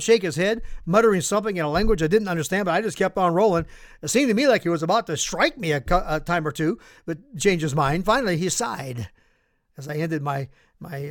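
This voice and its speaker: American male pastor, emphatic sermon storyteller, high voice, dry close sound. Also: no echo. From United States. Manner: animated, emphatic preaching.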